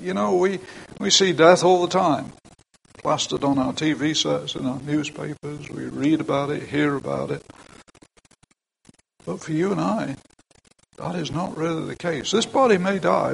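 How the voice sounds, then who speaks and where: Older male pastor, husky voice, casual asides while preaching. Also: on the high side, normal speed, poor audio. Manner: plain conversational preaching with asides. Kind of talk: sermon. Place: church.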